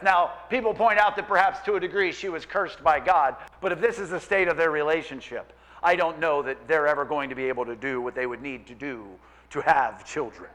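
A male pastor preaching a sermon in an animated, playful way, acting out voices of people and biblical figures. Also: on the high side, fairly quick.

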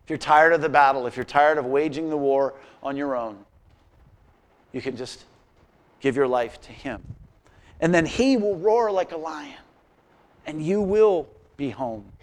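A man preaching a sermon as pastor, impassioned and full of rhetorical questions, dropping to a quiet, earnest tone in prayer. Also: a little high, lively intonation, unhurried, pauses often. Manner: quiet and earnest when praying.

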